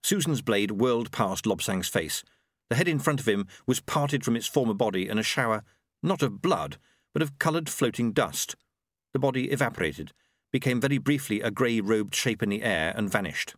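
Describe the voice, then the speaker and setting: Lively man narrating an audiobook. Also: medium pitch, moderate pace, no echo, studio quality. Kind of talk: scripted narration.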